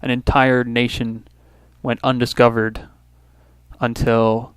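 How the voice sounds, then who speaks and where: A man from Canada talks through his strategy game at a middling pitch, wandering between remarks and correcting himself mid-sentence. The sound is dry and close, with no room around the voice. He keeps up a relaxed stream of gameplay commentary. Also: slow pace, smooth, no echo. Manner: rambling, thinking aloud with restarts and small asides. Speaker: let's play host.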